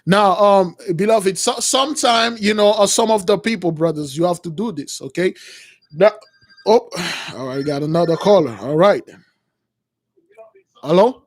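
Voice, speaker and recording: A man's voice: high-pitched, moderate pace, no echo, clean studio sound. A man hosting a religious call-in show, talking in a preachy, rambling way with many fillers. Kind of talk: religious call-in radio talk.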